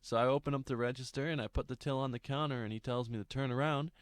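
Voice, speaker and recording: A man's voice: medium pitch, steady tone, fast talker, no room sound, clean studio sound. A young man in his twenties, casually telling a story for a vlog, rambling with laughs, swearing and restarts.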